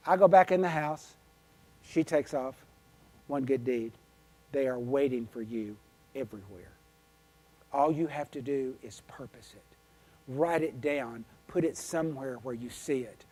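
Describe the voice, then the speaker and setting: A man giving a conference keynote, telling folksy stories with an animated, emphatic delivery. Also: medium pitch, unhurried. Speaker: keynote speaker. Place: conference hall.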